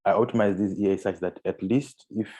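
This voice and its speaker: A man's voice: low-pitched, steady tone, a little fast, mellow. A man giving a screen-share trading tutorial, walking through on-screen steps with frequent fillers and restarts. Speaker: trading instructor.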